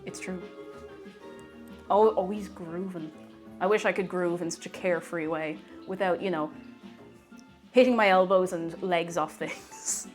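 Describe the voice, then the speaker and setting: A woman's voice: on the low side, fairly even intonation, a little slow, pauses often, soft background music. A young Irish woman chatting casually on a cooking live stream in her home kitchen, reading out viewer comments with playful asides.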